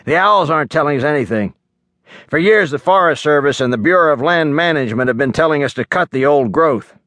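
A gruff, combative logger father, as a man reads him out growls and bites off his words, pushing up in pitch when riled. The sound is dry and close, with no room around it. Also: expressive, fairly quick, fairly bright tone, no echo. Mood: angry. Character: gruff hot-tempered male logger father. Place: recording studio.

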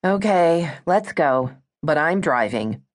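A woman's voice: low-pitched, lively intonation, slow pace. A woman voicing a blunt, skeptical woman who teases her friend, in an audiobook. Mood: wry. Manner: dry, teasing, skeptical.

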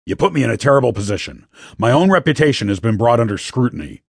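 A man's voice: mid-range voice, big pitch swings, fast talker, gravelly, husky, dry recording, studio quality, heavily acted. A man voicing a growling, furious older boss. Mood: scolding. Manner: shouting, berating. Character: older male agency boss, furious and scolding.

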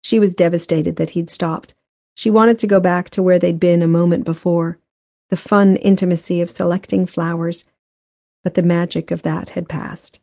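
Woman audiobook narrator; measured, mellow tone, dry close mic. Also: on the low side, vocal fry, no room sound. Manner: measured, even storytelling. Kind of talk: scripted narration. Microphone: close studio mic.

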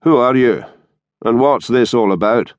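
A man voicing an impassive, wealthy man who speaks in a flat, controlled way. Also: fairly low pitch, a little slow, no room sound, lo-fi sound. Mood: demanding.

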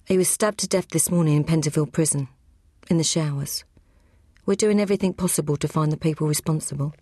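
A woman's voice: sits low, quick pace, warm tone, no echo, clean studio sound. A woman voicing a formal middle-aged policeman, grave and official.

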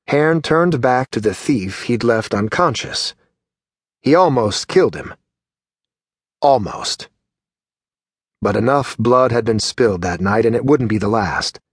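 A man reads a fantasy novel aloud in a measured, steady way, his voice sitting in an ordinary middle pitch. The recording is dry and close, with no room sound. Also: no room sound. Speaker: audiobook narrator. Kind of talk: scripted narration.

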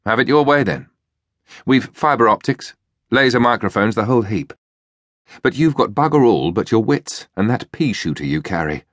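A man voicing a brisk, ruthless upper-class army officer with a plummy voice, in an audiobook. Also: medium pitch, animated, fairly bright tone, no room sound, studio quality. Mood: dry.

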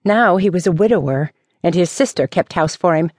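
A woman narrating a mystery novel as an audiobook, with measured, even storytelling. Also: fairly low pitch, no room sound. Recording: dry studio audiobook.

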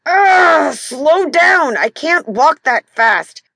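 A woman's voice: sits high, big pitch swings, normal speed, voice pushed up. Woman voicing an irritable man in pain. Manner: snapping, complaining through gritted teeth. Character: impatient adult man in pain.

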